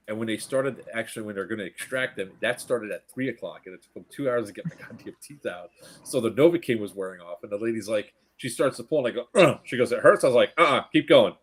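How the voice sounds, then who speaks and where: A middle-aged grandfather telling animated, profane stories in casual chat, acting out the quotes. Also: lowish voice, a little hiss or hum. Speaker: stream co-host.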